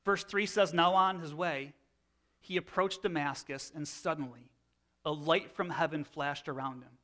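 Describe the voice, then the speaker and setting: A man's voice: a little high, fairly even intonation, normal speed, fairly bright tone. A man in his thirties preaching a sermon in a conversational teaching manner, often restarting phrases. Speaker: pastor.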